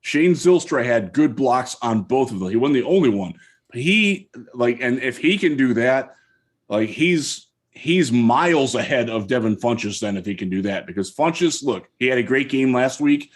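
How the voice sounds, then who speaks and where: A man's voice: mid-range voice, lively intonation, normal speed. A man co-hosting a podcast from home, talking through football plays in detail in a casual chat. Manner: thoughtful, detailed football analysis. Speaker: podcast co-host.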